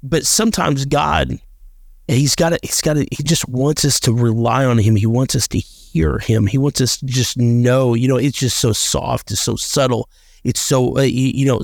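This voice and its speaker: A man's voice: mid-range voice, creaky, dry recording, studio quality. A man co-hosting a podcast, talking earnestly about faith and reading scripture aloud, often repeating and restarting his words. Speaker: podcast co-host.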